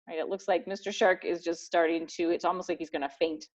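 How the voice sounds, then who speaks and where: A woman's voice: on the low side, steady tone, fast talker, hardly any pauses, darkish tone. A woman teacher reading a book aloud to her students and explaining as she goes. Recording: dull lo-fi recording.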